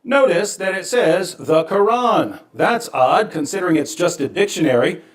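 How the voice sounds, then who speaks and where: A man with a somewhat high voice explains his point in a calm, measured monologue with a dry, wry edge. He is recorded in an echoey room. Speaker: video creator.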